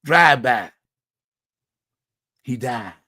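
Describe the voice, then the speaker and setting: A man's voice: medium pitch, expressive, extremely slow, pushed and bright, no room sound, clean studio sound. Blunt, plain-spoken man talking straight. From Hampton Roads, Virginia. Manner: blunt, repetitive, conversational, with local slang. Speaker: community talk show host. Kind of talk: personal monologue on community violence.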